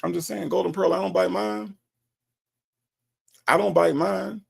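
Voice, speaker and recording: A man's voice: high-pitched, steady tone, a little slow, vocal fry, husky. A man giving blunt, scolding commentary in a casual, mocking way. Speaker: commentator reacting to a call recording.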